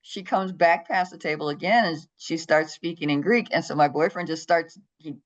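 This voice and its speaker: A middle-aged woman with a lowish voice tells a story as a podcast guest, dropping into the voices of the people she quotes. The recording sounds dull and lo-fi. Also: normal speed. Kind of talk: storytelling in an interview.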